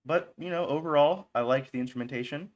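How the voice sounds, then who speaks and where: A man's voice: fairly high pitch, fast talker, muffled recording. A man chatting casually on a live stream as he reviews songs, rambling and cracking crude jokes. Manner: rambling, joking, profane.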